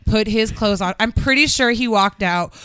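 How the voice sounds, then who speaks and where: A young woman in casual podcast chat, her bright, crisp voice recorded close and dry. She tells stories with animation, acting out what people said and swearing freely along the way. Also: mid-range voice, moderate pace, no room sound. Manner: animated storyteller, acts out quotes, swears freely. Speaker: podcast host. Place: Los Angeles area.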